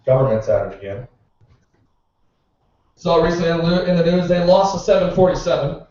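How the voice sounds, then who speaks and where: A man's voice: fairly high pitch, brisk, mellow. A man doing a stand-up comedy set at a bar's open-mic night, telling sarcastic stories about his bartending customers, with profanity. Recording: echoey bar room, distant dull mic.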